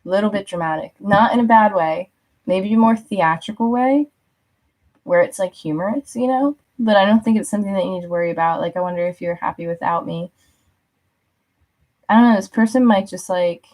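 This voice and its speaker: A young woman gives a casual spoken tarot reading in a loose, chatty style, her mid-range, darkish voice peppered with fillers like "like." She laughs often and acts out quotes with quick impressions of the people she describes.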